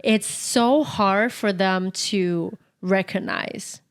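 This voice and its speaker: A woman's voice: mid-range voice, very slow, clean tone. A young woman co-hosting a casual podcast chat, teasing her friend and laughing often. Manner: giggly, teasing, frequent laughter. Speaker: podcast co-host.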